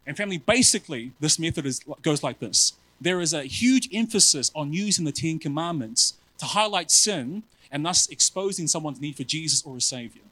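A male preacher giving a sermon in an animated, self-mocking way, often calling his listeners family. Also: on the high side, a little fast, hardly any pauses, low-quality recording.

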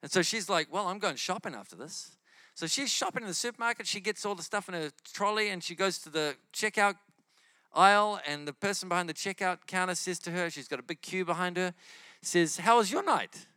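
A male preacher tells stories from the pulpit in an animated way, acting out the voices of the people he meets. His voice sits a little high and sounds bright. The sound is close and dry. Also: a little fast, clear, resonant tone, dry recording. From New Zealand. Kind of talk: sermon storytelling.

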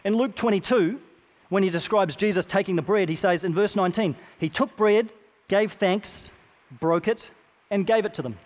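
Earnest preacher man in a reverberant hall. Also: high voice. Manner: earnest, repeats key phrases with slow deliberate pauses. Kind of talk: sermon. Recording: long reverb of a large hall.

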